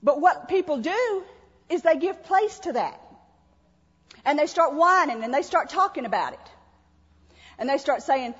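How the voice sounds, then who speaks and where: A woman pastor delivers a folksy sermon, driving points home through repetition and little acted-out asides. Her voice sits high, and the sound is dull with a long hall reverb behind it. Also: expressive, unhurried, pauses often, a bit bright.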